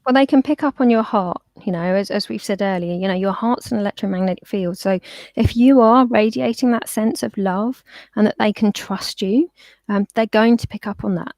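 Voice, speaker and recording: A chatty woman tells animated stories and slips into quoted voices as she goes. Her voice has a gravelly, creaky texture. The sound is dry and close, as if she is talking over a call. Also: mid-range voice, moderate pace, no room sound. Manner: chatty, storytelling, acts out quotes. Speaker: pet therapist guest. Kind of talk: casual interview chat.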